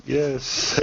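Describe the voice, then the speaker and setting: A man chatting tentatively and softly on a group video call. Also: mid-range voice, gravelly, noisy background. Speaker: participant. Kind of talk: casual chat in a video call. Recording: dull lo-fi call audio.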